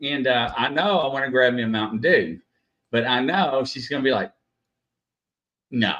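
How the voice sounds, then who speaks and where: A man's voice: medium pitch, animated, fairly quick, fairly bright tone, muffled recording. A man hosting a casual live stream, chatty and full of "uh" fillers, greeting viewers by name. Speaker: host.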